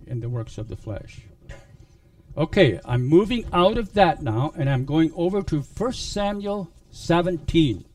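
A man preaching a sermon, retelling a Bible story in a halting way with many restarts. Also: medium pitch, darkish tone, dry recording, recorded from a distance.

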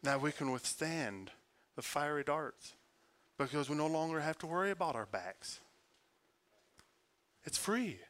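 A man preaching a sermon, earnest, moving between forceful emphasis and quiet, hushed prayer. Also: on the high side, lively intonation, unhurried, pauses often, slight background noise. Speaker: pastor.

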